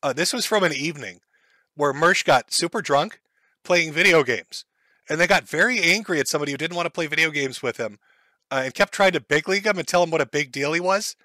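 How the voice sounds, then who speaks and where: A man's voice: fairly high pitch, brisk, sharp tone, no room sound. A male streamer host giving crude, sarcastic commentary on clips, laughing at them.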